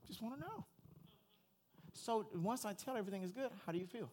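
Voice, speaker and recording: Animated male preacher, high and lively. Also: brisk, pauses often. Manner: animated, addresses the congregation directly. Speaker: pastor. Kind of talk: sermon.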